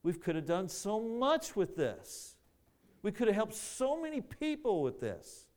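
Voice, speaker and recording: A man's voice: sits high, sing-song, measured pace, darkish tone. A man preaching a sermon, earnest, often repeating words as he searches for the phrasing.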